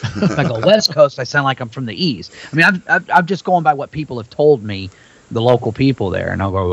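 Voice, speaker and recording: A man's voice: mid-range voice, brisk, slightly rough, no room sound, lo-fi sound. Man with a slight Southern twang. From Southern Illinois. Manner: animated, swears, acts out quotes. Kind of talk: casual podcast chat.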